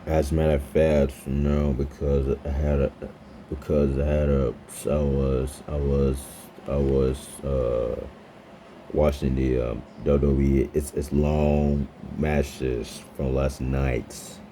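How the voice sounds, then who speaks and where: A man in his twenties chatting with an AI character, halting and stammering and repeating his words. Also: a bass voice, level tone, mellow, slight background noise. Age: 20s. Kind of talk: casual chat with an AI character.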